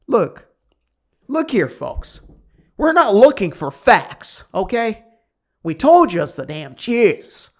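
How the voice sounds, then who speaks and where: A man voicing a mocking caricature of a stubborn male conspiracy theorist, loud and exaggerated. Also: sits high, big pitch swings, slow, voice pushed up, heavily acted. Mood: mocking, indignant.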